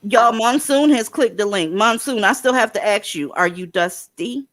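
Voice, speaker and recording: A woman's voice: on the high side, lively intonation, normal speed, fairly bright tone, no room sound, studio quality. A woman hosting a livestream, giving blunt, profane commentary and advice to her callers. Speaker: livestream host.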